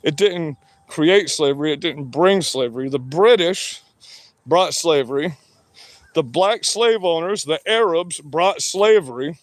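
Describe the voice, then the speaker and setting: High-voiced man in a profane rant. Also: expressive, measured pace, no echo. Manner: profane, combative, heavy swearing. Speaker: vlogger. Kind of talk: angry monologue rant.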